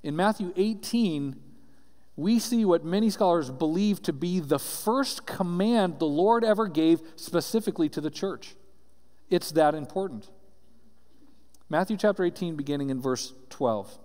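A man's voice: sits high, expressive, unhurried, darkish tone. A man preaching a sermon as pastor, reading scripture aloud and explaining it earnestly, often checking in with "right?". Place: church sanctuary. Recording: roomy church hall reverb.

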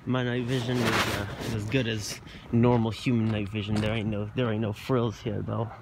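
A man's voice: lowish voice, little pitch movement, normal speed, vocal fry, very noisy. A young man vlogging while walking outdoors at night, rambling in a goofy, profane way into a phone camera. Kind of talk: rambling casual monologue.

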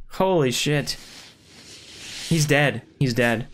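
A man's voice: fairly high pitch, expressive, a little slow, pauses often, a bit bright. A man streaming, giving casual reaction commentary with frequent exclamations and laughter.

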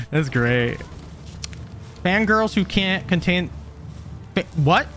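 Excitable male gaming streamer, lively pitch. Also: soft background music. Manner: excitable, jokey, quick reactions and laughs. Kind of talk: live game commentary.

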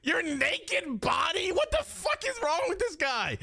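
A male livestreamer reacts to donations and chat at a desk mic. His voice sits high and bounces wildly up and down. The sound is bright and bone-dry, with no room around it. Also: measured pace, vocal fry, no room sound. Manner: loud, excitable, swearing, laughing. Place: indoor streaming setup.

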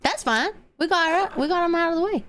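A woman's voice: very high-pitched, lively intonation, fast, a bit bright. A woman streamer joking and playing along during a card game, playful and giggly. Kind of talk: casual gaming chat.

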